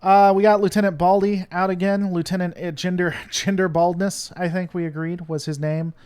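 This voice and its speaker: A man's voice: high-pitched, little pitch movement, moderate pace, a little mellow, clean tone. A man from the United States hosting his channel, rambling and joking with lots of fillers in casual live-stream commentary. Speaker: channel host.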